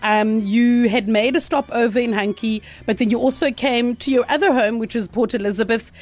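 A woman's voice: a little high, fairly even intonation, normal speed. A woman with a South African English accent, a radio presenter bantering and teasing a guest, laughing often.

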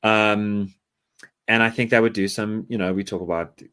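A man's voice: lowish voice, normal speed, clean tone. A South African man co-hosting a podcast, talking politics in a rambling, casual way full of fillers. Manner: rambling, animated, filler-heavy.

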